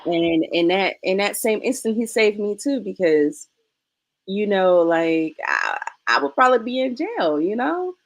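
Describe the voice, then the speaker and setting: A woman's voice: medium pitch, big pitch swings, measured pace. A woman in her thirties, a podcast guest, speaking earnestly and reflectively. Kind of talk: casual podcast chat.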